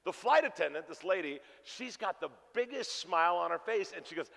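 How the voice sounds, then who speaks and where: A pastor preaching a sermon, telling a funny story in an animated way and acting out the dialogue. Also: male voice, sits high, brisk, vocal fry, hardly any pauses. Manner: animated, jokey, acts out dialogue. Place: church sanctuary. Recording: reverberant church hall.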